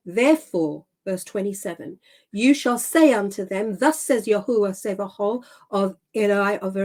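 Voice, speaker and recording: A woman host reading scripture aloud and explaining it, stressing key words and repeating phrases for emphasis. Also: a little high. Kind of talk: emphatic scripture teaching on a live show.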